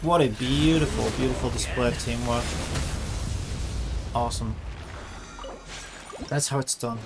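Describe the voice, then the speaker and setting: A man giving excitable, sarcastic live commentary while playing a video game. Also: mid-range voice, measured pace, pauses often, slight background noise. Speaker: gaming streamer.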